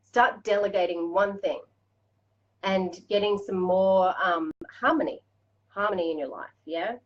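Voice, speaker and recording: A woman's voice: medium pitch, a little slow, muffled recording. An Australian woman hosting a live-stream coaching chat, bubbly and chatty, laughing often. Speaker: life coach host.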